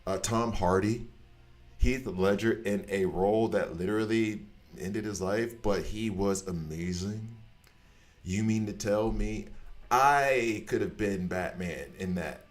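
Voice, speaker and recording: A man with a low voice holds forth on his gaming channel in a loose, unscripted rant. He is blunt and animated, drops casual swears, and often trails off and restarts his sentences. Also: slow, soft background music. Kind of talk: casual ranting chat.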